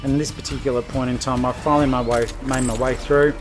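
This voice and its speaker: A man's voice: medium pitch, flat delivery, quick pace, music in the background. A man hosting a gaming podcast, giving chatty, rambling let's-play commentary over his gameplay, with self-deprecating asides.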